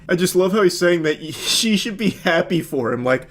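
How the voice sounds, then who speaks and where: Brief: a fairly high-voiced male commentator, sarcastic and mocking, reacting for comedy. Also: lively intonation, moderate pace, hardly any pauses.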